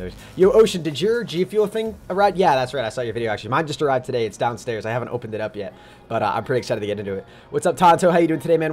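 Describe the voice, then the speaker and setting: Fast-talking hyped young game streamer. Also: male voice, medium pitch. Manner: rapid-fire shoutouts, hyped and casual. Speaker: livestreamer. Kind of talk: live game stream chat. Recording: faint music behind.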